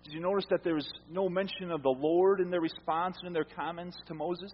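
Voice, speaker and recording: Sitting high and holding a steady tone, a man's brisk voice carries a little hiss or hum. He is a pastor giving a conversational sermon, questioning listeners and repeating words, recorded muffled in a reverberant hall.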